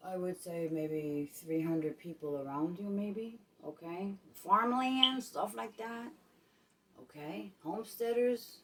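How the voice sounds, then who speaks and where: A woman from Puerto Rico giving casual advice on her vlog at home. She repeats herself and keeps checking in with "okay?". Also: fairly low pitch. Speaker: vlogger. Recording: voice a bit distant from the mic.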